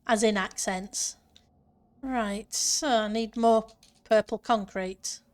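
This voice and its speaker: A woman's voice: mid-range voice, fairly even intonation, slow pace. A woman streamer chatting casually with her viewers and answering chat while she plays a building game. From northern part of her country.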